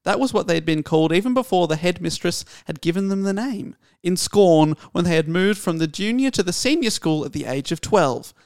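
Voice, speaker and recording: A man hosting a podcast, chatting playfully and reading book passages aloud slowly. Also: sits high, expressive, a little mellow, clean tone, dry recording, studio quality. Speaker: podcast host. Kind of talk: casual chat, reading book excerpts.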